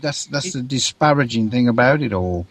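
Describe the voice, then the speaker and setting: A man, a guest author on a radio interview, speaking haltingly and repeating words as he thinks. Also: medium pitch, animated, no echo.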